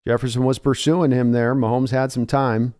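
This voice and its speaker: Smooth-voiced man calling plays live. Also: flat delivery, normal speed, a little mellow. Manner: conversational, climbs in pitch and energy on big plays. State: early morning voice. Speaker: live reaction host. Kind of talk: fan play-by-play commentary.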